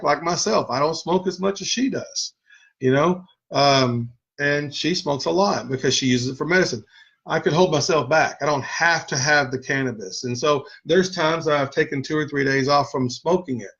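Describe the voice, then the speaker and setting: Rich: A man with a voice of middle pitch talks on and on with earnest conviction, dropping casual curse words along the way. The sound is a bit dull and lo-fi, as if recorded in a home studio. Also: fairly bright tone. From Texas. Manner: earnest, rambling, swears casually. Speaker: cannabis channel host. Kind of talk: casual chat.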